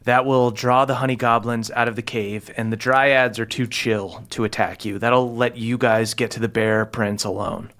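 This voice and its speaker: A man's voice: mid-range voice, steady tone, normal speed, hardly any pauses, a bit bright, lightly acted. A man voicing an earnest female fey ally in a tabletop game who urges caution and offers to help.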